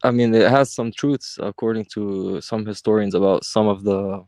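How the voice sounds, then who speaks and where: A man joining a live debate as a caller, speaking in a hesitant, halting way. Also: lowish voice, steady tone, a little mellow, dry recording, clean studio sound.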